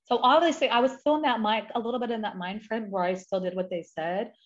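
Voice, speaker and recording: A woman's voice: fairly high pitch, fast, highs cut off. A young adult woman telling a personal story in an earnest, emphatic way, often restarting her sentences. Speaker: guest sharing her story.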